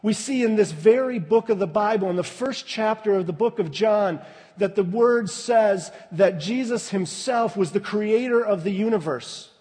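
A man preaching a sermon as pastor, in a measured way with soft, hushed dips. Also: sits high. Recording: reverberant hall.

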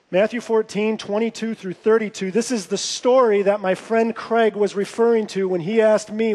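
Pastor telling a story in a hall. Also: male voice, sits high, darkish tone. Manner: storytelling, retelling scripture in casual words. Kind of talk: sermon. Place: church sanctuary. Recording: long reverb of a large hall.

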